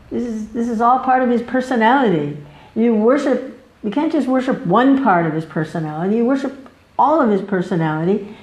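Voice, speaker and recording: In a low-quality recording from an echoey room, a woman teaches a devotional scripture class. She tells the stories in an animated way, laughing often and jumping up in pitch.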